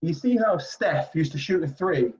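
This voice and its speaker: A man in his forties from England, telling basketball stories in a casual interview, animated and rambling with many fillers. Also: a little high, moderate pace. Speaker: streetball player guest. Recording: dull lo-fi audio.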